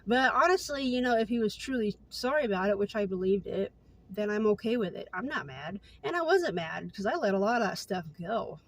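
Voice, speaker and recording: Woman, late 20s, everyday mid-pitch voice, earnest and chatty casual vlog storyteller. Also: animated, fairly quick, no room sound. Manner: candid, earnest and chatty, with many fillers. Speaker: vlogger.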